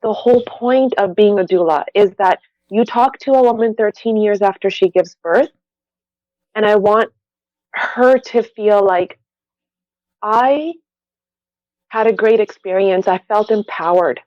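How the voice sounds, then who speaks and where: A woman's voice: medium pitch, a little slow, long pauses, dry recording, lo-fi sound. A woman working as a doula, a guest on a podcast, speaking in an earnest, passionate and emphatic way. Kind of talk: podcast conversation.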